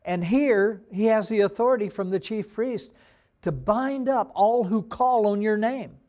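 A male pastor delivering a sermon at an unhurried, measured pace. His voice sits a little higher than most men's, and he voices the quoted lines in the scripture with dramatic lift. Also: darkish tone. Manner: slow, deliberate teaching with dramatic voiced quotes. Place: church.

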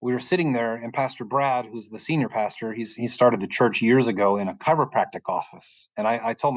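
A man's voice: mid-range voice, fairly quick, hardly any pauses, no echo, poor audio. A man telling his personal faith story as a podcast guest, earnest and rambling, often restarting his sentences, speaking from his bedroom at home. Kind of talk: personal faith testimony in conversation.

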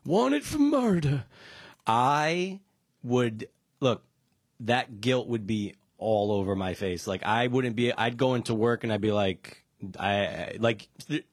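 A man's voice: lowish voice, steady tone, measured pace, dry recording, clean studio sound. Rambling man in casual podcast chat. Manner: rambling, self-deprecating, swears freely. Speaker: podcast co-host.

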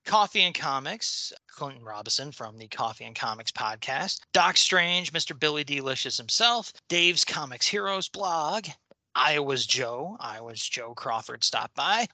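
A man's voice: medium pitch, pushed and bright, dry recording. A man co-hosting a podcast in casual chat, reading listener mail in a jokey, upbeat way and laughing often. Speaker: podcast co-host.

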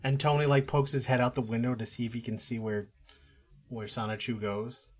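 A man's voice: medium pitch, flat delivery, fairly quick. Tentative man playing a tabletop game. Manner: tentative, thinking aloud. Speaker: player. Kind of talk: casual tabletop play.

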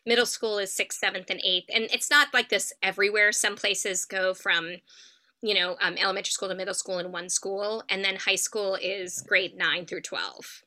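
Bright, eager woman podcast host. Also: mid-range voice, steady tone, normal speed. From United States. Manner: enthusiastic, stumbles over words. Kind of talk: podcast interview.

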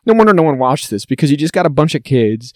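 A man co-hosting a podcast in casual chat, animated and rambling, with frequent swearing. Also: on the high side, fast talker, no room sound, clean studio sound. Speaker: podcast co-host.

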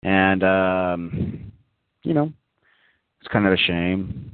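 A man's voice: low-pitched, lively intonation, drawn-out words, clean tone, no echo. A man hosting a casual online radio talk show, rambling in a mock-serious way with many fillers, heard as tinny, phone-like audio. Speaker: host.

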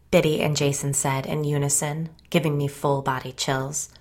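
Low-voiced woman narrating an audiobook. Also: level tone, moderate pace, few pauses, a little mellow.

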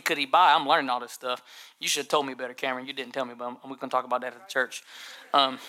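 Male pastor, humorous animated preacher, forceful tone, stumbles into repeated words. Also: on the high side. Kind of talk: storytelling sermon.

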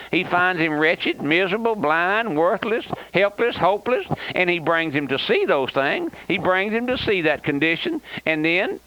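A man's voice: high-pitched, a bit bright, dry recording. An older man preaching a fiery radio sermon, with an impassioned, repetitive cadence and folksy asides. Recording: dull lo-fi old radio broadcast.

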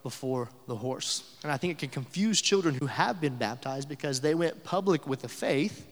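A man's voice: medium pitch, expressive, normal speed, long reverb tail. A young adult man preaching a sermon as pastor, conversational, with filler uh's and rhetorical questions.

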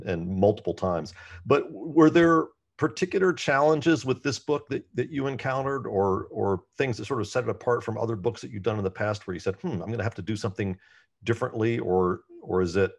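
A man hosts an interview and puts questions to the narrator of his own book. His voice is very deep and he talks fast. He repeats words as he phrases each question. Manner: quick, repeats words as he asks. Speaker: author and podcast host.

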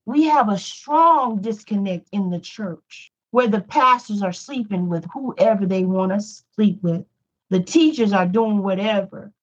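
A woman's voice: mid-range voice, unhurried, breathy edge, lo-fi sound. A woman teaching a Bible study in a pleading preaching style, repeating lines for emphasis. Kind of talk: preaching sermon.

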